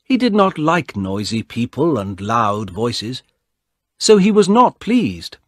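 A man narrating a short story aloud, slowly and clearly, for English learners. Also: mid-range voice, no echo, studio quality. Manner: clear, expressive read-aloud.

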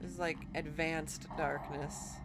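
A young woman casually commenting on a horror game, muttering to herself and breaking into loud panicked outbursts. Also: deep voice, flat delivery, a little slow. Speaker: let's play host. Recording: noisy game audio behind the voice.

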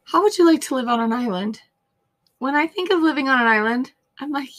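A woman hosting her podcast in casual chat, her voice hoarse and partly lost, rambling through friendly asides and thanks to listeners. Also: fairly high pitch, a little fast, fairly bright tone. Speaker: podcast host.

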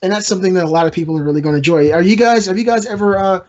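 Male podcast host, high-pitched, loose and joking, muffled lo-fi mic. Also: rapid-fire, darkish tone. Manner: rambling, joking, trash-talking. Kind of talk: casual gaming podcast chat.

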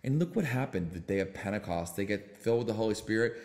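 Deep-voiced fervent male pastor. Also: fast, long reverb tail. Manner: fervent, bursts into excited exclamations. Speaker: pastor and podcast co-host. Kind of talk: casual faith podcast chat.

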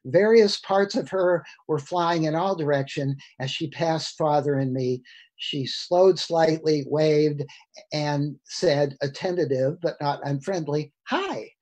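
A man in his sixties gives a talk over a video call, reading from a book and breaking off for wry comments to his audience. His voice sits a little high for a man, and he tells the story with relish. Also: slow, a little mellow. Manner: storytelling, wry asides to listeners. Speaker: lecturer. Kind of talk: lecture with reading aloud from a book.

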